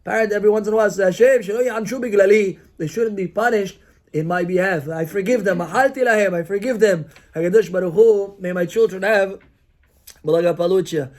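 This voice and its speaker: Male rabbi, high voice; lively Torah class, acts out dialogue, peppers English with Hebrew terms. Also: a little fast. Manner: animated teaching, acting out quoted dialogue, rhetorical questions; mixes Hebrew and Yiddish-style terms into English.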